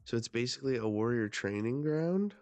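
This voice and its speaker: A man hosting a casual live manga reading, excitable and stammering in his asides. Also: mid-range voice, fairly quick, dry recording, soft background music. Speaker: manga reaction host.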